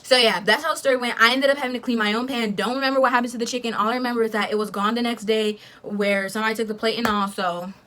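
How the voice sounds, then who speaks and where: A young woman tells a casual storytime to her camera, animated and full of swearing and "like" fillers. Her voice sits fairly high and sounds bright and forceful. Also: very fast, hardly any pauses. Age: young adult. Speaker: vlogger.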